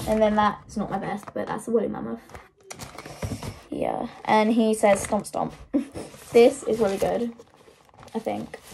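A woman's voice: on the high side, gravelly, mellow, slight background noise. A woman chatting casually on camera through earbuds, giggling and rambling with self-mocking asides. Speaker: vlogger. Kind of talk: casual show-and-tell chat. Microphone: wireless earbuds.

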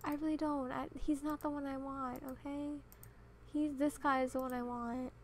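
High-voiced young woman, exasperated gamer. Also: flat delivery, normal speed. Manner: frustrated, exasperated muttering at the game. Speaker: gaming channel host. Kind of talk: casual gameplay commentary.

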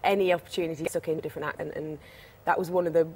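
A young actress with a Teesside accent, chatting in a TV interview in a bubbly, rambling way. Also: female voice, sits low, steady tone, very fast, a little mellow, a little hiss or hum. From Teesside, England. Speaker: actress, studio guest.

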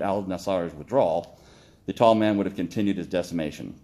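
A man reading his own story aloud, steady with occasional slips and self-corrections. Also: low-pitched, brisk.

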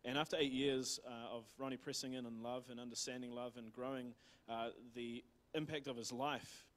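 In a casual sermon, a New Zealand-accented man recounts a missionary's story, rambling with plenty of fillers and restarts. His voice sits at medium pitch and is a bit bright, with fairly even intonation at a normal speed.

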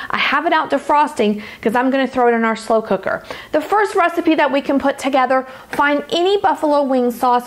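An upbeat woman with a Louisiana drawl walks viewers through simple recipes in a chatty, casual tone. Her voice sits a little high, and she keeps calling her audience gang and y'all. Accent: Louisiana Southern. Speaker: dietitian and cooking host. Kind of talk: casual cooking tutorial.

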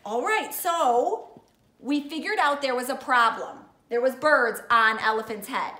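A woman's voice: sits high, unhurried, pushed and bright, echoey room. A woman teaching young children, speaking in an encouraging way and addressing them as friends. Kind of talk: children's lesson and story reading.

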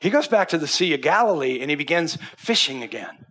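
A man delivers a sermon as a pastor, his voice bright and a little husky. He sits somewhat high for a man. When he quotes Bible figures, he drops to a hushed near-whisper. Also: very animated, fairly quick.

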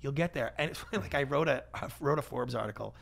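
Gravelly, animated man telling stories. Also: medium pitch, fast. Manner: lively storyteller who acts out quoted voices. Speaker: guest, pitch expert and TV producer. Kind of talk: animated podcast interview.

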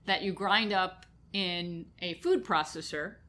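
A woman's voice: on the low side, unhurried, bright, forceful tone. A woman with a New York accent, hosting a radio food show in casual chat, talking about a recipe and laughing easily. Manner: chatty, laughs easily, lists ingredients. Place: radio studio.

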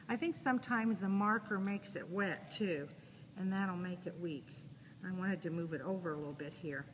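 A woman teaching a sewing class, talking casually and thinking out loud as she demonstrates. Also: medium pitch, moderate pace. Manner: casual, chatty, thinking aloud while working. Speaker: sewing instructor. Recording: echoey room with audible noise.

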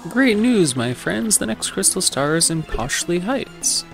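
A man's voice: high voice, very animated, a little slow, creaky, faint music behind, voice pushed up, exaggerated voice. A man reading a fussy old professor in a game. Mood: eager. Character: elderly scholarly male professor, fussy.

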